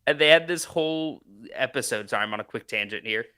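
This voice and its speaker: A man's voice: medium pitch, fast talker, bright, forceful tone, smooth. A man co-hosting a movie podcast, telling rambling stories full of fillers like "like" and "dude". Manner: rambling, filler-heavy storytelling. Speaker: podcast co-host. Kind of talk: casual roundtable chat.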